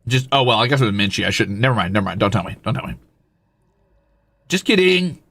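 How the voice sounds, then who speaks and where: A man's voice: lowish voice, sing-song, fast, fairly bright tone. A male live streamer in casual chat, teasing and swearing freely as he coos at and scolds his cat.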